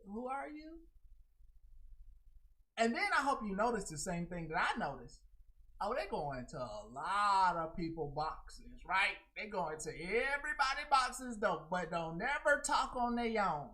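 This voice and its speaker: A woman talking straight into her livestream, unscripted and profane. Her voice is bright and sharp, and she keeps breaking into loud, shrill impressions to mock the people she is calling out. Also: rough recording. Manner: blunt, profane, mocking, swings into loud high put-on quotes. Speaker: livestream host.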